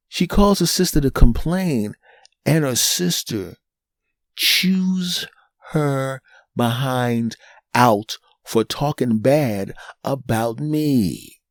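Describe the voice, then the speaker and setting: Animated Northeastern US man telling stories. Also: mid-range voice, no room sound, studio quality. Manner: animated, acts out quoted people. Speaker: podcast host. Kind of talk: solo podcast storytelling.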